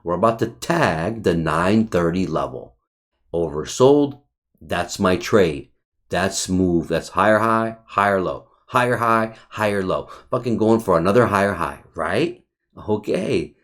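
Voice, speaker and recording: A lower-pitched man talks through a trading chart in a loose, excitable way. He swears freely, calls the viewer bro and buddy, and stumbles over repeated words as he goes. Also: measured pace. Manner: repeats himself and restarts often. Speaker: trading educator reviewing his chart. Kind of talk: casual screen-share chart review.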